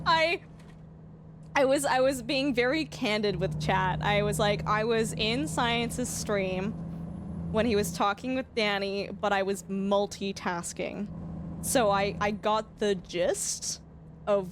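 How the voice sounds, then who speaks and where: A woman's voice: high voice, a little slow, background noise. A young Canadian woman chatting casually to her stream while playing a game, often checking how she says place names. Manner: chatty, laughing, questioning her own pronunciation. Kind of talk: casual livestream chat while gaming.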